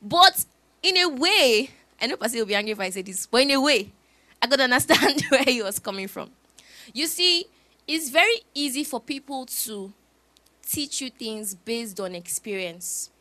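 A woman, preaching a sermon through lively storytelling. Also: on the high side, normal speed, no room sound. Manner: animated storytelling with laughs.

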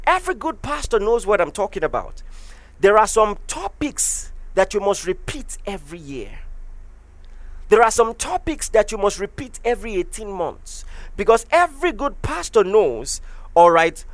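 A pastor delivers an emphatic sermon, swinging the voice high and low with great liveliness. Key phrases come back again and again for stress. The sound is close and dry, with no room around it. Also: fairly bright tone, no room sound.

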